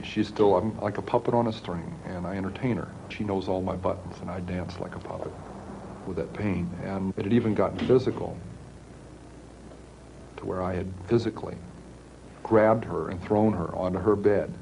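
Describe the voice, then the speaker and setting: A man from the United States speaking slowly and haltingly in a recorded interview. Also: low-pitched, vocal fry, background noise. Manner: slow, halting, measured.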